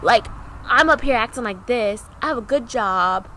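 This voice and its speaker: Bright-voiced woman telling a candid story. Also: a little high, normal speed, a little hiss or hum, poor audio. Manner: animated, acts out remembered dialogue. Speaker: podcast co-host.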